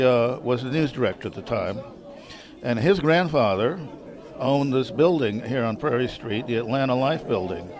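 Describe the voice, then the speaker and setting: Wry guy telling old stories, kinda halting, outdoor crowd chatter all around. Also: mid-range voice. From San Francisco, USA. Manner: wry, storytelling, halting with fillers. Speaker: interview guest, former development director. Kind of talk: casual interview chat. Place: outdoor reunion gathering.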